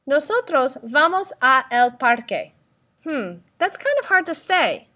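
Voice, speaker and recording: Woman language teacher, fairly high and bright tone, deliberate tutorial delivery with repeat-after-me prompts. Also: big pitch swings. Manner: slow, deliberate, spells out letters and prompts repetition. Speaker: Spanish teacher. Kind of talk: recorded classroom tutorial.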